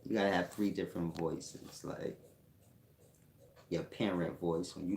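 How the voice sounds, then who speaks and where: A low, creaky, darkish male voice with fairly even intonation speaks a little slowly in an echoey room. He hosts a casual livestream as a self-styled spiritual teacher, teasing viewers over their comments with slangy jokes, rambling, and frequent laughter.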